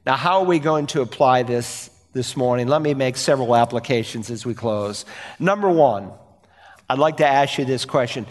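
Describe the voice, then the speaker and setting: A man's voice: medium pitch, moderate pace, long reverb tail. A male pastor preaching a sermon, earnest and emphatic, asking rhetorical questions and repeating key phrases.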